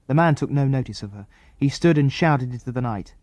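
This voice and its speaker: A man narrating a children's adventure audiobook in an expressive, lively reading style. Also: medium pitch, a little fast, no room sound. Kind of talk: scripted storybook narration.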